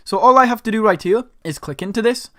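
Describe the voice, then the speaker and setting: Man with a northern english accent, high voice, dry close sound, upbeat tutorial host talking to viewers. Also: quick pace, fairly bright tone, dry recording. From Northern England. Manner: upbeat, chatty, keeps addressing viewers as guys. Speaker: online side-hustle tutorial host. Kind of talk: screen-share tutorial.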